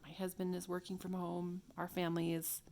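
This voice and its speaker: A woman's voice: fairly low pitch, completely flat delivery, fairly quick, gravelly, warm tone, a little hiss or hum. A woman at home giving a casual hands-on tutorial, chatting and thinking aloud as she works. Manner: chatty, talks to herself while working, drops to whispers. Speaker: craft video host. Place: home craft room.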